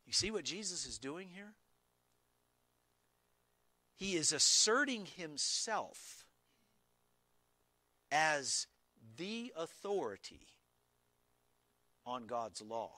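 A man preaching a sermon, explaining scripture in an emphatic, deliberate way with occasional restarts. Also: on the high side, big pitch swings, pushed and bright, no echo. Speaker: pastor.

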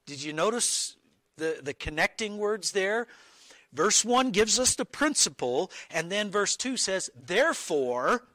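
A man's voice: sits high, sing-song, pushed and bright, no room sound. A man preaching an earnest expository sermon, reading Bible verses and stressing key words with small restarts. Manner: slow, deliberate with small restarts.

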